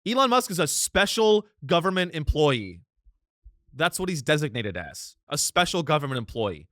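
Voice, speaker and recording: Host, young man, bright and dry-miked, sarcastic ranting commentary. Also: fairly high pitch, sing-song, moderate pace, dry recording. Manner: sarcastic, ranting, swings to loud outbursts. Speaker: podcast host. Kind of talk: comedic political commentary.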